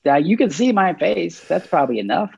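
A man with a gravelly, slightly husky voice tells a story in a relaxed interview, stumbling through restarts and playing out his own quoted lines. The sound is dry and a little dull, like lo-fi call audio. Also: fairly high pitch, no room sound. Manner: self-described nervous, halting with many restarts; animated, acts out quoted dialogue.

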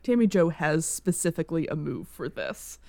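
A woman playing a tabletop horror game, expressive and quick to laugh. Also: deep voice, creaky, no echo. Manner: giggly, expressive. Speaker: player.

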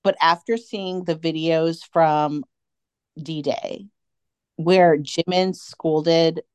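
Femme à la voix grave, bavarde. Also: female voice, low-pitched, drawn-out words, smooth, dry recording. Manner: chatty, animated, acts out quotes. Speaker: podcast co-host. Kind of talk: casual fan chat.

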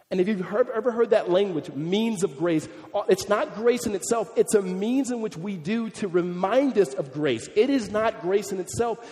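Man, pastor, sermon, conversational, animated, high voice, reverberant hall. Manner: animated, conversational preaching with repeated restarts.

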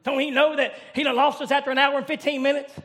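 A man preaching a revival sermon in church, shouting in a chanting, rising cadence. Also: extremely high pitch, flat delivery, fast talker.

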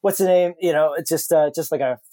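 A man's voice: fairly high pitch, a little fast, mellow, no echo. A man telling a casual story as a podcast guest, rambling and profane, with many fillers and laughs.

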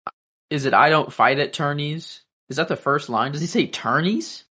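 A man's voice: fairly high pitch, moderate pace, pushed and bright, husky. A young man co-hosting a podcast, chatting about a TV show with frequent hesitations and restarts. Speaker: podcast co-host. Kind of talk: casual chat about a TV show.

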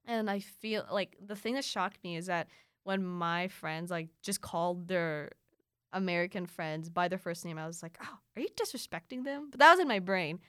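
A young woman from the Philippines, a native Filipino speaker, talking in a relaxed, chatty way with playful asides. Her voice sits a little low. The sound is dry and close, with no room around it. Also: normal speed, clear, resonant tone, no echo. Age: young adult. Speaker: guest. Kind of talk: casual chat.

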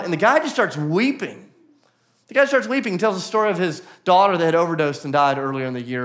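A man preaching to a church congregation, his voice sitting a touch high. He speaks earnestly and builds to animated emphasis, slipping into quick acted-out asides. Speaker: pastor. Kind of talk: sermon. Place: church auditorium.

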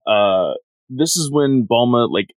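Man, co-host, mid-pitched, easygoing rambling recap, dry close sound. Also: expressive, slow pace, no room sound. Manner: rambling, many "like" fillers. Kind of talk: casual chat recapping a comic.

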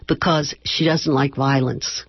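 A woman author reading her novel aloud slowly and measuredly, then chatting as a radio guest. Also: rumbling low, fairly even intonation, husky, dry recording, highs cut off. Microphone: radio studio microphone.

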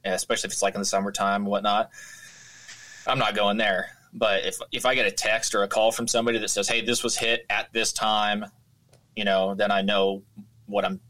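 A man's voice: lowish voice, a little fast, fairly bright tone. A man from Washington state talking casually and easygoingly about hunting. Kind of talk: casual chat.

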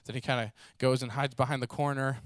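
A man preaching a sermon, telling stories in a lively way and acting out the people in them. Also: medium pitch, fast talker, no room sound. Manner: animated storytelling, acts out voices, casual fillers.

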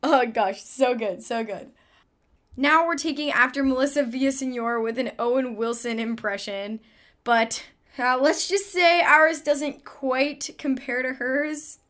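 A woman's voice: sits high, a little slow, a bit bright. A woman hosting a casual chat, chatty as she introduces each impression. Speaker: host.

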